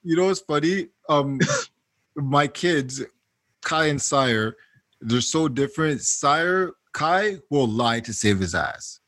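Blunt, animated man telling stories. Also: fairly high pitch, slow pace, no echo. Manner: animated, blunt storytelling with swearing. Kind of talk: casual chat.

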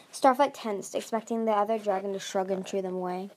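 A woman's voice: mid-range voice, fairly even intonation, brisk, hardly any pauses. A woman reading a fantasy novel aloud as an amateur narrator, with frequent slips and restarts. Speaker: audiobook reader.

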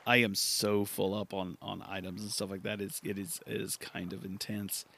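A man's voice: low-pitched, flat delivery, normal speed, gravelly, bright, forceful tone. Rambling man chatting over gameplay. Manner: rambling, repeats himself, self-amused. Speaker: gaming podcaster. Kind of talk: casual gameplay commentary.

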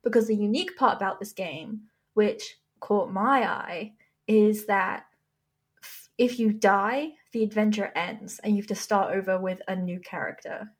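A young woman co-hosts a gaming podcast with dry, teasing wit. She reads news items in a casual way. Her voice sits at a middle pitch. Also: measured pace, husky. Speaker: podcast co-host.

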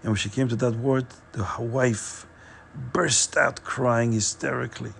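A man's voice: medium pitch, fairly even intonation, measured pace, vocal fry, a bit bright, slight background noise. A man hosting a podcast, earnestly retelling a religious tale with plenty of repetition. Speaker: storyteller, podcast host. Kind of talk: religious storytelling.

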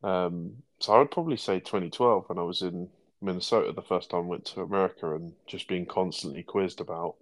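A man's voice: low-pitched, a little fast, few pauses. A man with an Estuary English accent, co-hosting a podcast in casual chat, dry and self-mocking, with frequent ums and restarts. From England, Thames estuary area. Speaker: podcast co-host.

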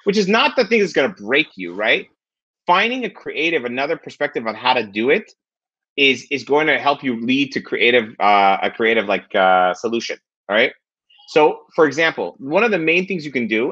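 A man in his thirties, a podcast guest, talking quickly in casual chat and often tagging "right?" onto his points. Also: medium pitch, husky, lo-fi sound. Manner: animated, fast, repeats "right?".

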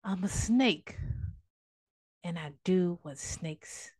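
A woman's voice: fairly low pitch, very slow, a little mellow, breathy edge, no echo, clean studio sound, exaggerated voice. Sly evil snake, as a woman preacher puts it on.

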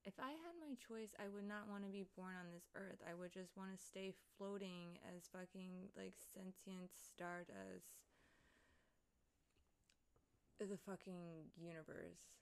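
A woman's voice: medium pitch, moderate pace, hardly any pauses, clean tone. A young woman livestreaming, chatting casually and rambling with lots of swearing and laughing asides as she reads the chat.

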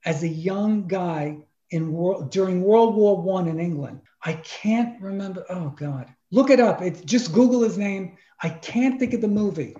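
A man's voice: high voice, unhurried, hardly any pauses, dark tone. Emphatic New man telling stories. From Brooklyn, New York. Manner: emphatic, exclamatory, spells out names. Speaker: podcast guest. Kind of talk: animated personal storytelling. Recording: roomy, dull sound.

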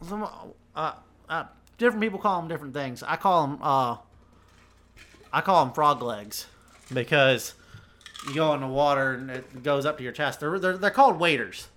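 A man with a Southern US accent chats loosely on a podcast. His voice is bright and forceful, and he rambles, often repeating a word or two before his thought gets going. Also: on the high side, normal speed. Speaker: podcast co-host. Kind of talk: casual chat.

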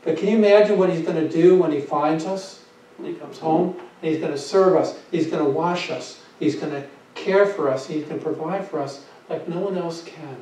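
A man's voice: on the high side, moderate pace, dark tone, slight background noise. A male pastor preaching a sermon with emphasis, asking rhetorical questions and repeating his phrases. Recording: echoey, dull sound from a distant mic.

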